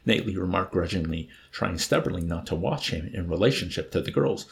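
A man narrating a novel in measured, expressive storytelling. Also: low-pitched, gravelly. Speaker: audiobook narrator. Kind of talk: scripted narration.

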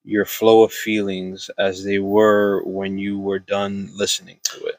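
Low-voiced man hosting a podcast. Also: completely flat delivery, measured pace, no room sound. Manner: brief supportive prompts. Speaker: podcast host. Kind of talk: casual interview.

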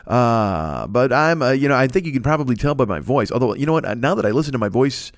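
A man's voice: mid-range voice, animated, fast, no room sound. Man around forty, podcast host, rambling and self-mocking, profane, dry close sound. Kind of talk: solo podcast monologue. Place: alone indoors at night. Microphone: studio microphone.

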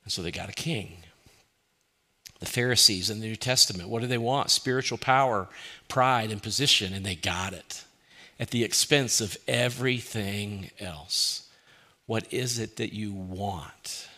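A man preaching a sermon as pastor, asking many rhetorical questions and dropping to a soft, quiet voice when he quotes. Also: on the low side, measured pace.

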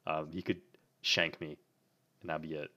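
A man's voice: extremely low pitch, little pitch movement, normal speed, pushed and bright. A young man co-hosting a podcast, telling a story in a rambling, filler-heavy way. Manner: rambling, many fillers, laughs often. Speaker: podcast co-host. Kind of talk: casual storytelling chat.

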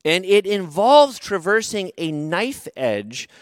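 Man preaching, slightly high voice, lively pitch, dry close sound, storytelling sermon. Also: no echo. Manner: storytelling, conversational and expressive, with slow emphatic phrases. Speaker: pastor.

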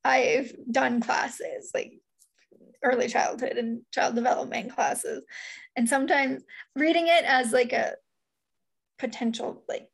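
High, gravelly woman chatting about parenting. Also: steady tone, unhurried. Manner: candid, rambling, lots of "like". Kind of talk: casual chat.

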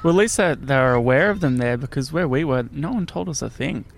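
A man's voice: medium pitch, expressive, fast talker, vocal fry. A man telling a story in casual chat, laughing often as he talks.

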